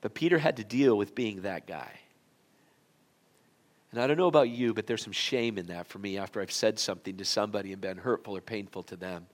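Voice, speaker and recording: A male pastor preaching a sermon in an auditorium, telling the story in a folksy, conversational way that swings from loud to quiet. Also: fairly low pitch, a little fast.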